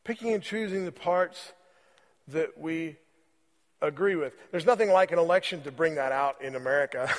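A man preaching a sermon as pastor, conversational and repeating phrases for emphasis, slowing on key words. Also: a little high, long reverb tail. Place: church sanctuary.

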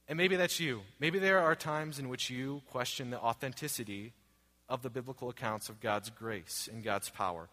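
A man's voice: mid-range voice, moderate pace, pushed and bright. A man in his thirties preaching a sermon as pastor, earnest and repetitive, asking rhetorical questions. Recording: long hall reverb.

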